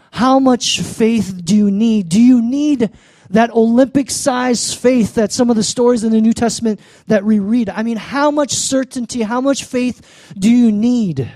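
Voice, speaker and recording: A man with a fairly high voice preaches to his congregation. He is animated, acts out the people in his story and asks for an amen, and his voice sounds close and dry. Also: a little slow, no room sound. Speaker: pastor. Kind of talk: sermon.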